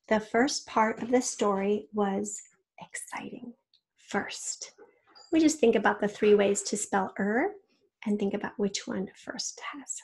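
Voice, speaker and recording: A woman teacher reads out a children's spelling test at a slow, unhurried pace, putting every word into an example sentence. Her voice is husky, with a gravelly fry at the ends of phrases, and she gives patient spelling hints between words. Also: medium pitch, darkish tone.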